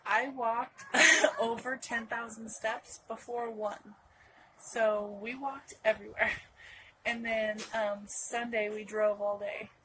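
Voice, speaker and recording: Young woman from norcal rambling thru a story on her vlog, kinda high voice, bit of faint noise behind. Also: steady tone, takes it slowly, pushed and bright, poor audio. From Northern California. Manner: rambling, with many restarts and asides. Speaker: vlogger. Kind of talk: personal storytelling to camera.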